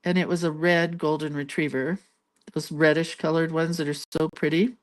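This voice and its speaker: A woman's voice: sits low, steady tone, moderate pace. A woman hosting a craft channel, telling a rambling story in casual chat and laughing between lines. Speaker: lettering and doodling channel host.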